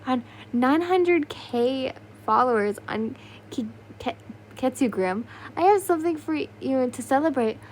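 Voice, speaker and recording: A woman's voice: high voice, expressive, measured pace, a little mellow, slight background noise. A woman voicing a crowd of shrieking teenage fangirls in a listener audio story, squealing and pushy. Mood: excited.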